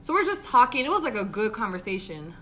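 A young woman with a bright, forceful voice, a little higher than most. She tells stories in loose, casual chat, often acting out what people said. She swears freely and laughs a lot. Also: fast. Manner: animated, swearing, acts out quotes, laughs often. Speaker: podcast co-host.

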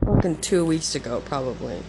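A woman's voice: low voice, animated, a little fast. A woman venting in a casual vlog at home, swearing often and talking to herself, recorded on a muffled-sounding phone. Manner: swears a lot, talks to herself, swings between frustrated and laughing. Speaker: vlogger. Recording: muffled phone audio, faint background noise.

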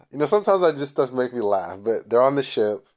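A man's voice: mid-range voice, a little mellow. A man hosting a casual podcast chat, incredulous and teasing, often laughing. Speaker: podcast host.

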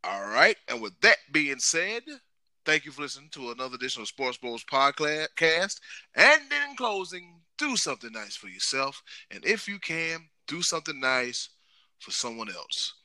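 Super bright animated guy closing out a sports podcast, jokey, dry sound. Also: medium pitch, moderate pace, no echo. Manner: joking, animated sign-off. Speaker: podcast co-host. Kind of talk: casual podcast chat.

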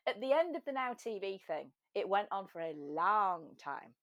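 A woman's voice: mid-range voice, big pitch swings, moderate pace, a bit bright, no echo. An English woman chatting animatedly as a podcast guest, telling stories and slipping into little voices. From England. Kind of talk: casual chat.

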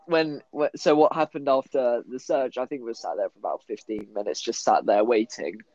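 A man's voice: mid-range voice, moderate pace, a little mellow, no room sound. A young man co-hosting a podcast, chatting and chuckling through a shared story with some swearing. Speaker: podcast co-host. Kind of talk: casual storytelling chat. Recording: dull lo-fi dry sound.

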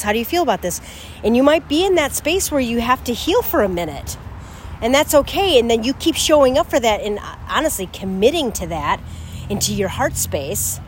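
A woman's voice: on the high side, a little hiss or hum. A woman co-hosting a spiritual discussion, thinking aloud in a reflective way and asking questions. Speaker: co-host.

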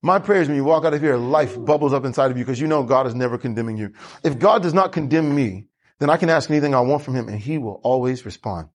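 A man preaching a lively sermon as pastor, asking the congregation questions and drawing answers back. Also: mid-range voice, quick pace. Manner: animated preaching with congregation call-and-response.

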